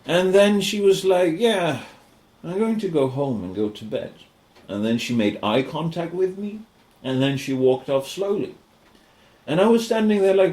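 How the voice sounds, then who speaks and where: A man's voice: on the high side, normal speed, echoey room. A man co-hosting a podcast, telling a story in casual chat, swearing often and acting out what people said. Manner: animated, swearing, acts out quoted voices. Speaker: podcast co-host.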